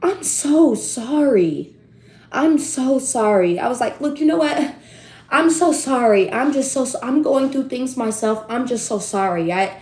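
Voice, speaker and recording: Young woman in her twenties, chatty and animated, speaking in an echoey room. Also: medium pitch. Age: 20s. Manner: animated, talkative, slangy, swings between loud and hushed. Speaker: tarot reader and streamer. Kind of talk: casual storytelling to viewers.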